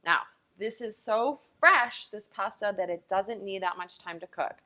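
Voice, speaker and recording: A woman's voice: mid-range voice, a little slow, pushed and bright. A woman chef teaching a cooking lesson in a kitchen, chatty and enthusiastic, talking straight to the viewers.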